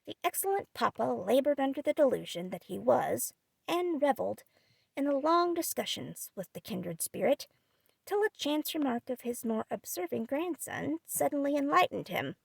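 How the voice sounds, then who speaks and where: A woman narrating a classic novel as an audiobook reader, with expressive storytelling on a close mic. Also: high-pitched, moderate pace, vocal fry, husky, no room sound.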